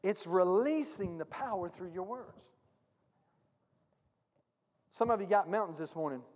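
A man's voice: sits high, lively intonation, a little slow, a little mellow. A male pastor preaching a sermon, emphatic and speaking directly to his congregation. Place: church sanctuary. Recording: long reverb of a church hall.

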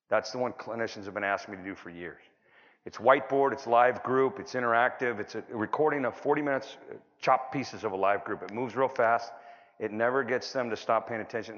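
Rambling middle-aged comedian in a boomy hall. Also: male voice. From California. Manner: rambling, self-interrupting storyteller with sudden loud bursts. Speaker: stand-up comedian. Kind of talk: stand-up comedy set. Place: conference hall. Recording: dull, boomy conference hall recording.

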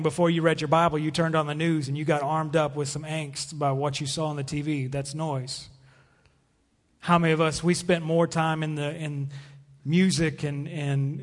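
A man preaching a sermon from the pulpit, earnest, with pauses. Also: fairly high pitch. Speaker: pastor. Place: church sanctuary. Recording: long reverb of a church hall.

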